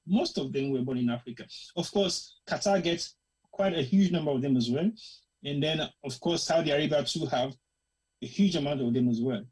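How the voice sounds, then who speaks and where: Husky Sierra Leonean-accented commentator. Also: medium pitch, darkish tone, low-quality recording. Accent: Sierra Leonean Krio-tinged English. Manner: passionate, emphatic, slips into Krio phrases. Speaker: host of a current-affairs discussion show. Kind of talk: opinionated commentary monologue.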